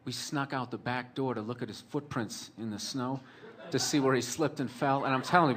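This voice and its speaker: A man's voice: mid-range voice, fairly even intonation, fairly quick, few pauses, crowd noise. A man telling a long personal story in a rambling, profane, sardonic way, full of fillers like "like" and "you know". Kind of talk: storytelling monologue.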